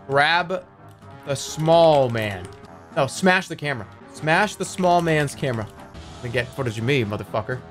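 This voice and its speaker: A man with a slightly raised pitch reads story text aloud from a game and breaks off into dry, joking asides laced with swearing. He talks in a loose, casual stream style. Faint music hums underneath. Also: a bit bright. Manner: wry, joking, swears freely.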